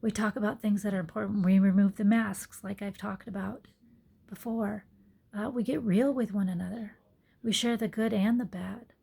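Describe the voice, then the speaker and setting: A woman's voice: mid-range voice, fairly even intonation, normal speed, gravelly, slightly rough. A woman yoga teacher talking earnestly into her phone in a reflective personal monologue, sometimes dropping to a whisper. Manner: earnest, soft-spoken, drops to whispered asides.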